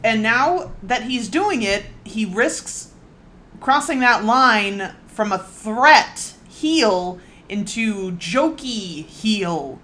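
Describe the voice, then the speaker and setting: A woman's voice: on the high side, lively intonation, very slow, fairly bright tone. A woman co-hosting a podcast, giving blunt, teasing opinions in a casual chat about wrestling. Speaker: podcast co-host.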